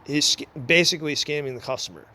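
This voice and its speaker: Man, slightly raised pitch, for an aggrieved, profane solo rant. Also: fast, bright, forceful tone. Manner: rambling, profane, aggrieved ranting. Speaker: former computer repair shop manager. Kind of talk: recorded monologue.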